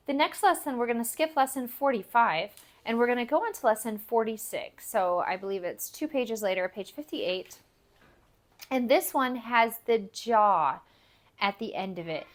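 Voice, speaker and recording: A woman giving a recorded phonics lesson, patiently explaining step by step and repeating example words for learners. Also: mid-range voice. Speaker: language teacher.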